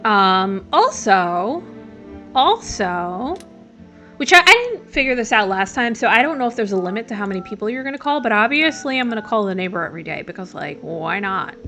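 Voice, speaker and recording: A young woman giving giggly, chatty and excitable let's play commentary. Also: mid-range voice, moderate pace, soft background music. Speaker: gaming streamer.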